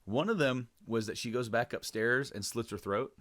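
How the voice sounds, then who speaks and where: A young man speaks at a normal pace with a medium-pitched, slightly bright voice while co-hosting a podcast. His casual talk rambles with fillers and restarts, and he curses freely, switching to a raised voice to act out quotes.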